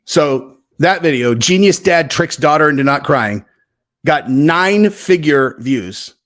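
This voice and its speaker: A man's voice: on the high side, unhurried. A man hosting his own channel, casually telling a story with lots of swearing and acted-out quoted dialogue. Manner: profane, animated, acts out quoted dialogue. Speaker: host.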